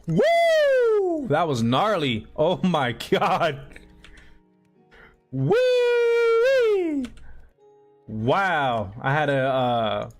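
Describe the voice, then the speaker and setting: This man plays a game on a live stream, slowly and expressively chatting with viewers in rambling, slangy talk. His pitch is medium, and soft background music plays.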